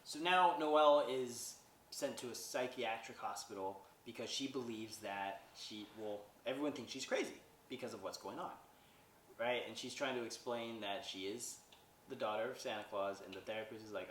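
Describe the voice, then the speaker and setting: A man's voice: medium pitch, moderate pace, a little hiss or hum. A man hosting a podcast, casually recapping a movie plot in a rambling way, often asking "right?". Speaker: podcast host reviewing a movie. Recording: roomy echo, distant mic, faint ambience.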